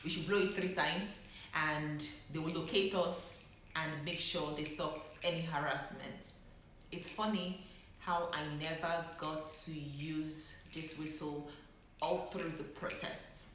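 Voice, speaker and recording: A woman's voice: low voice, fairly even intonation, slow, a bit bright, a little hiss or hum. A young woman, a doctor, telling her own story in a reflective way and holding back emotion. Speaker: medical doctor. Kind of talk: personal vlog storytelling. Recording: very echoey room.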